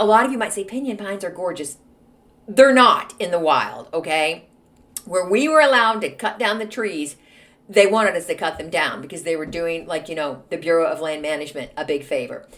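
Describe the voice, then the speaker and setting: A woman in her forties hosting a podcast, telling a story in a snarky, animated way. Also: fairly low pitch, moderate pace. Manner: snarky, animated, acts out quoted voices. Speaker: podcast host. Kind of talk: casual storytelling monologue.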